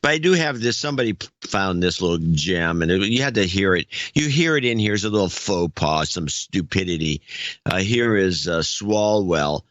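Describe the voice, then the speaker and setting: A man co-hosts a podcast, talking in a halting, rambling, self-mocking way. His voice is fairly low, and it is recorded close and dry. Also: expressive, fairly bright tone, no echo, dull audio. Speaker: podcast co-host. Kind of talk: casual banter.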